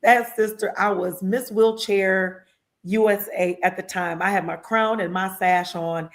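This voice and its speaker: A woman guest in an interview, telling stories in a heartfelt, animated way and acting out other people's lines. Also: mid-range voice, unhurried. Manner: heartfelt and emotional, with religious exclamations. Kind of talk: conversational storytelling interview.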